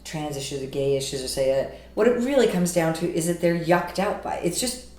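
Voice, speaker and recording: A woman's voice: fairly low pitch, lively intonation, fast talker, darkish tone. A woman, co-hosting a casual chat, telling stories in a blunt, wry way. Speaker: podcast co-host. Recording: echoey room.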